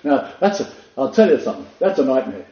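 Aussie bloke bible teacher, leans on words, repeats them, dark mellow voice, kinda muffled. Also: male voice, mid-range voice, sing-song. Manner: emphatic, repeats key words, reads quotes slowly. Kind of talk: teaching talk, reading quotes aloud. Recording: roomy, slightly dull sound.

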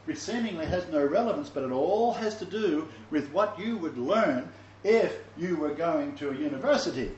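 A Bible teacher with a higher-pitched voice leads an informal study, reading verses aloud and then commenting, often laughing at his own asides. The recording is roomy, dull, and lo-fi, with a little hiss or hum.

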